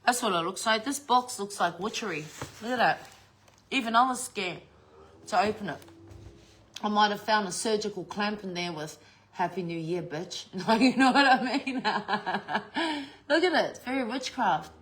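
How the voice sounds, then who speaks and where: A middle-aged woman chatting to her camera in a loose, unscripted way. She swears freely and breaks into laughter often. Her voice sits at an ordinary, middle pitch for a woman. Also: lively intonation, normal speed, fairly bright tone, slight background noise. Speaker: vlogger. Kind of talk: casual unboxing chat.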